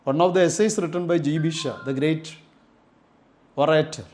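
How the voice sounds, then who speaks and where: Kerala-accented male English tutor, high-pitched, deliberate delivery, spells words aloud. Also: a little mellow. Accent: Kerala Indian English. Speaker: English teacher. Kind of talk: live online class lecture.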